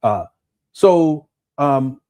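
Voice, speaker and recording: A man's voice: a little high, lively intonation, extremely slow, dark tone. A man from Southern California talking casually as a live-stream commentary host, often repeating words and answering chat comments.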